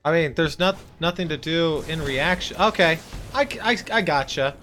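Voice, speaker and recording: A man's voice: on the high side, normal speed, sharp tone, slight background noise. A man casually commenting on his own card game, talking to his opponent with mock-exasperated outbursts. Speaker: streamer playing a card game.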